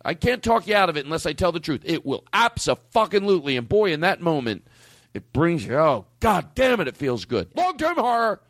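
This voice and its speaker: A man in a casual podcast chat, telling stories in an animated, profane way and acting out what people said. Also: on the high side, brisk, dry recording. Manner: profane, animated storyteller who acts out quotes. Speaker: comedian podcast guest.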